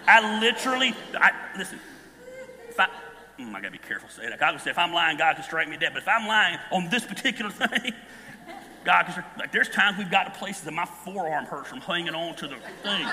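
A man in his fifties preaching a sermon, telling stories with animated energy and bursts of shouting. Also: high voice, a little fast. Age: 50s. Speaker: pastor. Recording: long hall reverb.

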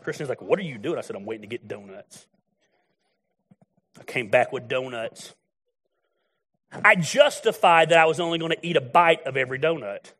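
A man's voice: mid-range voice, animated, moderate pace, long pauses, fairly bright tone. A middle-aged man preaching a sermon in a blunt, folksy, storytelling way. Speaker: pastor.

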